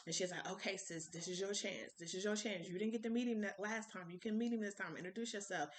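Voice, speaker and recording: A young woman vlogger telling a story in casual chat, animated and acting out the voices of people she quotes. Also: mid-range voice, quick pace, hardly any pauses, a little hiss or hum. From Ohio. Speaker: vlogger, cupcake business owner.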